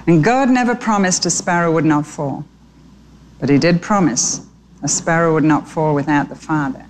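Cast a woman with a lowish voice as a storytelling preacher, faint background noise. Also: moderate pace. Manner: warm storyteller, direct appeals to listeners. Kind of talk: storytelling sermon.

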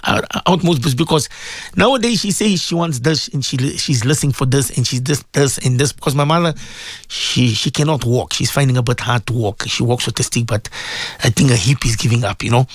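A man's voice: medium pitch, brisk, slightly rough, dry recording. A man hosting a live religious radio show, speaking with impassioned repetition and addressing his listeners directly from a studio mic. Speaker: radio presenter and Islamic preacher.

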